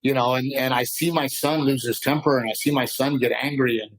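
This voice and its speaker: A man's voice: medium pitch, brisk, breathy edge, low-quality recording. A man, a comedian guest in a casual podcast interview, talking passionately in rambling bursts. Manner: passionate, rambling, animated storyteller.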